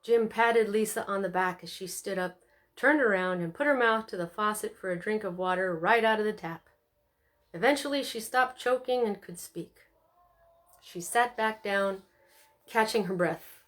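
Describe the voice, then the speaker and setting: A woman reading an audiobook aloud in an expressive, animated way, doing the characters' voices. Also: mid-range voice, normal speed. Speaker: audiobook narrator. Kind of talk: scripted narration.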